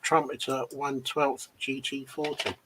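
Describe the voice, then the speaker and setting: A man's voice: mid-range voice, level tone, a little slow, bright, forceful tone, a little hiss or hum. A man co-hosting a hobby livestream, chatting casually and hesitantly with several restarts. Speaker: livestream co-host. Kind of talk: casual chat.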